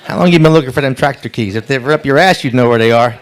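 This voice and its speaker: A man's voice: medium pitch, very fast. A man roasting a friend in front of a banquet crowd with crude bathroom jokes. He rambles, restarts and loses his place in his notes, then lands the punchline. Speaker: roaster, emcee. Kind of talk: comedy roast joke-telling. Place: banquet hall, live event.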